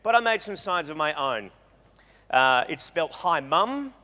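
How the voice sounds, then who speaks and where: A man giving a comedic storytelling talk at a live event, animated and joking, often cutting himself off mid-sentence. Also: a little high, normal speed. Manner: animated, joking, rambling with self-interruptions. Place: event hall with an audience. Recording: long reverb of a hall.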